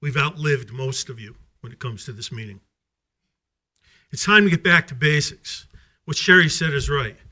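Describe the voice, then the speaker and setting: A man's voice: mid-range voice, normal speed, bright, forceful tone. A man giving an angry, accusatory public comment at a school board meeting, full of rhetorical questions.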